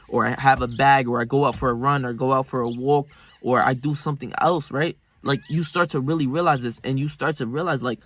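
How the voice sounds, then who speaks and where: A young man, talking casually and rambling about his daily routine, swearing freely, with sudden bursts of loud excitement. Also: on the high side, no echo. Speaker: self-improvement vlogger. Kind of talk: casual motivational monologue.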